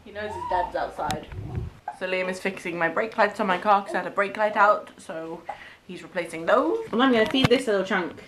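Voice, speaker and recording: A woman's voice: mid-range voice, lively intonation, brisk, background noise. A young woman, a new mother chatting casually to camera at home, rambling through her plans. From Cheshire, England. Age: young adult. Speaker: family vlogger, new mother. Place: at home indoors.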